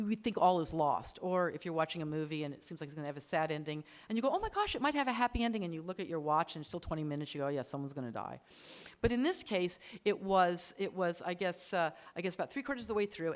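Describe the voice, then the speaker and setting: A woman lecturing an audience on storytelling, animated, acting out quoted lines and talking in quick bursts. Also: lowish voice. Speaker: writing lecturer. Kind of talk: lively talk to an audience. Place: lecture hall.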